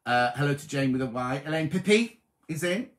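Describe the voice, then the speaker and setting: A man's voice: fairly high pitch, expressive, fairly quick. A middle-aged man hosting a casual live stream, reading out viewer comments and greeting them by name. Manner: chatty, warm greetings to viewers by name, reads comments aloud.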